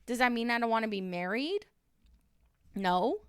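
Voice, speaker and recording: A woman's voice: on the high side, animated, normal speed, clean tone, no room sound, studio quality. A woman in her thirties recapping a reality show in a casual vlog, blunt and exasperated, swearing freely. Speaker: reaction vlogger. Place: dim room at home.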